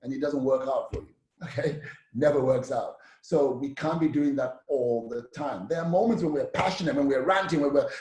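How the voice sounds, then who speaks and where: A man coaching public speaking in a live-streamed teaching talk, energetic and emphatic, often checking in with the listener. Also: mid-range voice, moderate pace, reverberant.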